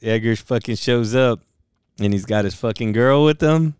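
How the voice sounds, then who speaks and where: A man's voice: mid-range voice, normal speed, darkish tone, clear, resonant tone, no room sound, clean studio sound. A young man co-hosting a casual podcast, swearing constantly and rambling through a story with lots of laughs. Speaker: podcast co-host. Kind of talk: casual chat.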